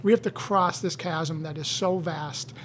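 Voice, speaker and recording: Animated man telling stories. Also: on the high side, a little slow, slight background noise. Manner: animated, repeats words when excited, gets loud telling stories. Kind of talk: casual conversational storytelling.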